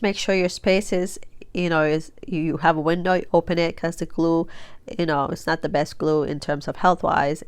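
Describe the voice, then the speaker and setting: A chatty craft vlogger with a low-pitched, clean voice and no room sound rambles through a casual tutorial while crafting. Her nose is stuffy after sneezing, and she uses many fillers and restarts.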